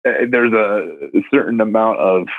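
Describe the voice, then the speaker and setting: A man's voice: on the low side, normal speed, no room sound, narrow, tinny audio. A man co-hosting a casual chat, talking loosely and throwing in lots of "like" and "dude". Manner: laid-back, peppered with "like" and "dude". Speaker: podcast co-host.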